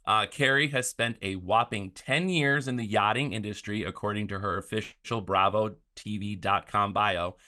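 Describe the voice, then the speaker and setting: A man's voice: lowish voice, fairly even intonation, normal speed, hardly any pauses, sharp tone. A man chatting casually as a podcast guest, rambling with many "like" fillers. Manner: rambling, filler-heavy talk with lots of "like".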